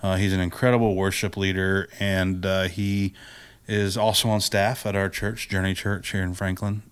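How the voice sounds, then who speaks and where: A man co-hosting a podcast in relaxed chat, laughing easily. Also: low voice, moderate pace, clear, resonant tone. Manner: laid-back and chatty, laughs easily. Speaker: podcast co-host. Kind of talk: casual chat.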